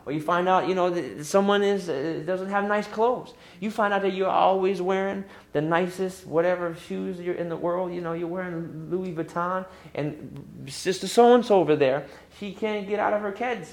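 A middle-aged man preaching a sermon as pastor, lively and emphatic, pushing up into high exclamations. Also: normal speed, few pauses. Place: church sanctuary. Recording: echoey church room.

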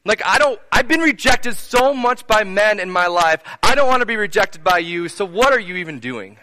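A man's voice: high-pitched, lively intonation, moderate pace, sharp tone, pitched above the performer's own voice. A man voicing a lonely, rejected woman who defensively pushes a stranger away. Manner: defensive, pleading paraphrase.

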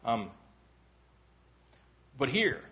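A man pastor preaching a casual sermon in a church sanctuary, telling rambling self-deprecating stories that break into loud shouts. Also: mid-range voice, huge pitch swings, very slow. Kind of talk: conversational sermon.

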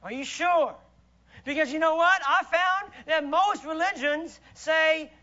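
With a very high voice and measured pace, a man gives an emphatic church sermon, moving from loud declarations to hushed remarks. The recording lacks its upper frequencies.

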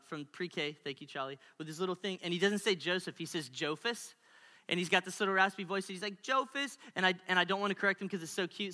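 A male pastor preaches with animated storytelling and playful asides to his church. His voice is high and very bright. It rings out with a long reverb through a large hall. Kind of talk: sermon.

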